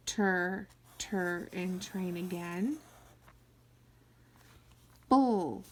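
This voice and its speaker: A woman teaching phonics to young children, sounding out each word slowly and coaxing them to follow along. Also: mid-range voice, gravelly, darkish tone. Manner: slow, drawn-out sounding-out of words; coaxing, encouraging teacher talk. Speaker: kindergarten teacher.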